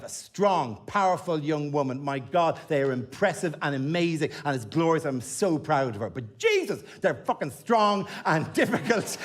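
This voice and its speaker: A middle-aged man with an Irish accent doing a stand-up comedy routine, telling stories in a rapid-fire, animated way. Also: a little high.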